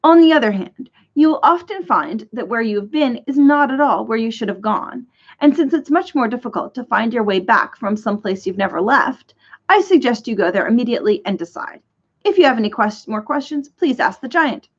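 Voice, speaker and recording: A woman's voice: a little high, animated, fairly quick, slightly rough. A woman voicing a cheerful, muddled ordinary man who holds four jobs and keeps forgetting things. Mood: cheery. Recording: dull lo-fi recording.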